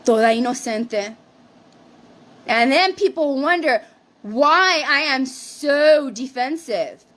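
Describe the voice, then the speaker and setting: A woman's voice: high voice, expressive, slow pace, a bit bright. A woman co-hosting a livestream, ranting defensively and swearing, with Spanish phrases mixed in. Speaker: livestream co-host. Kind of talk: heated casual rant.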